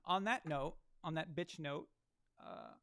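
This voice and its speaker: Hosting a live sports stream, this man rants crudely and mockingly at the game he's watching, tossing off sarcastic asides. His voice sits a little high, slow and smooth, fairly bright in tone with some vocal fry.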